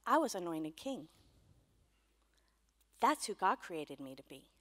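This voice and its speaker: A bold young male shepherd, as a woman preacher puts him on, rattling off what he has to do in a lively, bright voice. The sound carries a long reverb, like a church hall. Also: fairly low pitch, slow pace, voice pushed down, full character voice. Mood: calm, sure. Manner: rattles off chores in a rush.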